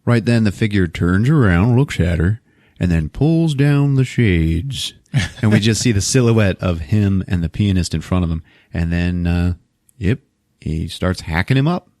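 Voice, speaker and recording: Guy w/ low voice telling a movie plot, swears a lot, super animated, dry mic. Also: measured pace, dry recording. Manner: animated, profane storytelling. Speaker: podcast host. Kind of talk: casual movie recap.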